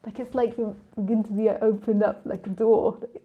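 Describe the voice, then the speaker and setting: A woman's voice: a little high, level tone, normal speed, narrow, tinny audio. A woman spiritual teacher in a casual live talk with listeners, rambling and chatty, often laughing and drifting off on tangents.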